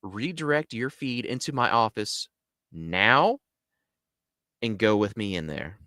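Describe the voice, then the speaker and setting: A man's voice: on the low side, animated, takes it slowly, bright, forceful tone, no echo, clean studio sound, exaggerated voice. A man voicing a curt, impatient male army sergeant who gives brusque orders. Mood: commanding. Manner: brusque, commanding.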